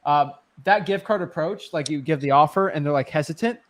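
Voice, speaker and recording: An animated man in a loose chat, telling stories about deals and tossing out tips. His voice sits high for a man and runs light. He laughs easily as he talks. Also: fairly quick. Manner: animated storyteller, laughs while recounting. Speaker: real estate wholesaler, guest. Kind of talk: casual storytelling chat.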